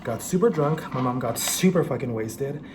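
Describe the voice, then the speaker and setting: A man's voice: mid-range voice, expressive, normal speed. Young male vlogger, casual mukbang chat, self-deprecating, eating as he talks, faint room noise. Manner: chatty, swearing, self-mocking, laughs often; talking while eating. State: slightly out of breath. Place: home apartment, indoors. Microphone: camera set in front.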